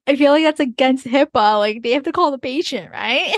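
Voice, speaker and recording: Laughing often, a young podcast co-host tells stories with lots of energy in a casual conversation. Her voice is high, her pace moderate, and the studio-quality recording has no echo.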